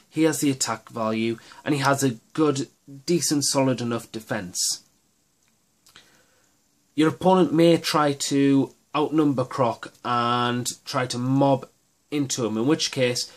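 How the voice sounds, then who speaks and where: A man hosting his own miniatures gaming channel, talking through tactics in a casual, rambling and enthusiastic way with many restarts. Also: medium pitch.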